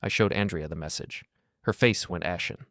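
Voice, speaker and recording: Deep dude reading a drama story, steady and gruff, no room echo. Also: male voice, moderate pace, studio quality. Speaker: narrator. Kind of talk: scripted first-person story narration.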